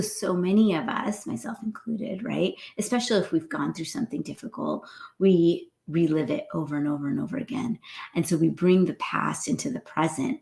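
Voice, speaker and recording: A woman hosting a gentle spiritual morning talk, often checking in with "right?". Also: low voice, vocal fry. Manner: gentle, frequently adds "right?". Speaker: host.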